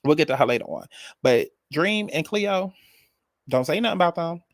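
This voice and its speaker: A man's voice: a little high, animated, moderate pace, no room sound. A man giving a casual, sassy and profane recap of a reality show, repeating phrases for emphasis.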